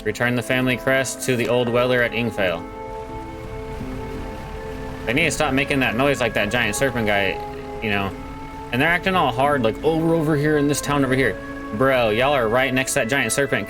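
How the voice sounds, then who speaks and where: A man's voice: medium pitch, moderate pace, poor audio. Laid-back male let's-play host, slangy, joking, faint game music behind. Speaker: gaming channel host. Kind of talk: casual let's play commentary.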